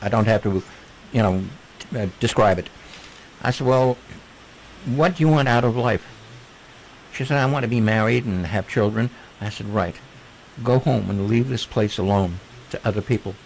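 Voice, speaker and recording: A man, a guest on a video call, earnestly telling a personal story in a gentle way. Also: fairly low pitch, moderate pace, creaky, pauses often, slight background noise, poor audio.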